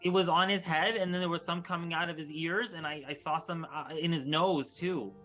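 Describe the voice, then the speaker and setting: A man's voice: on the high side, steady tone, a little fast, sharp tone, faint music behind. A man voicing a nervous, scruffy young street boy who stammers and fumbles his words. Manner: stammering, flustered.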